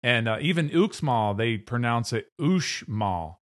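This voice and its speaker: A man in a mid-range voice muses out loud in casual conversation. He pauses often, restarting sentences as ideas come to him. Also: medium pitch. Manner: thinking aloud, hesitant, lots of fillers. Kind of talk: casual discussion.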